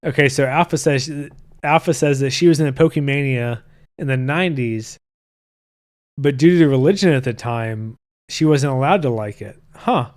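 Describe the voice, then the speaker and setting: A man's voice: mid-range voice, normal speed. A man in his thirties hosting a podcast, chatting casually and reading viewer comments in a loose, profane way. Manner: loose and profane, with frequent restarts. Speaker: podcast host.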